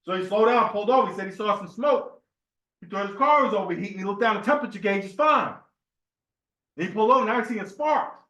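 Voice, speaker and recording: A man's voice: high-pitched, quick pace, bright, forceful tone, reverberant, highs cut off. A man giving an informal, conversational sermon at a temple meeting, telling stories and checking in with the room. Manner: conversational, storytelling, asks the room "right?". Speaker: temple speaker.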